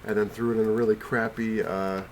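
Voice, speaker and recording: A man's voice: lowish voice, little pitch movement, a little fast, a little mellow, slight background noise. A man vlogging from his couch while sick and out of breath, rambling casually with many fillers and restarts. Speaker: comic collector vlogger. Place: home, on the couch.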